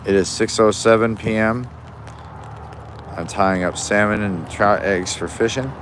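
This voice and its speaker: With a lowish voice and an unhurried pace, a young man rambles easily through a fishing livestream in Alaska, frequently starting over. The background is noisy, since he's recording on his phone outdoors while it rains.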